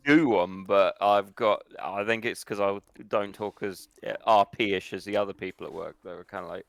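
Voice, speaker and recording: A man's voice: on the low side, fairly quick, gravelly, hardly any pauses, no room sound. A man streaming a video game, joking around in casual banter with a co-host. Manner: joking, trades silly voices and catchphrases.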